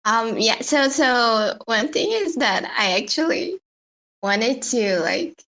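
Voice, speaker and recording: A woman's voice: a little high, animated, takes it slowly, a bit bright. A woman from Brazil with a Brazilian Portuguese accent, speaking hesitantly and giggly in a casual group chat.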